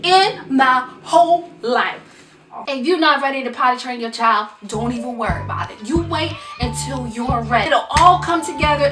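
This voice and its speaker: A mother venting to her viewers, telling a comic story with animated, dramatic delivery. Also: high voice, echoey room, distant mic. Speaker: mom vlogger.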